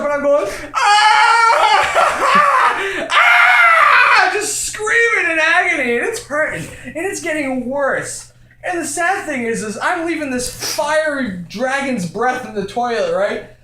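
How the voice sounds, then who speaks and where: Animated young man telling a wild story. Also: very high voice, roomy sound, a little hiss or hum. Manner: animated, escalating, acts out quotes with shouts and laughter. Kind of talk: comic storytelling.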